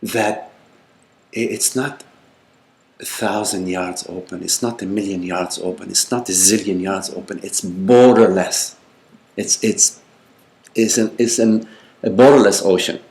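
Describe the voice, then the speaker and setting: An older man with a low, gravelly voice answers questions in a meditative talk. His phrasing halts and circles back on itself, often checking in with "you see." He speaks gently, as a spiritual teacher. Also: fairly even intonation, a little slow, pauses often.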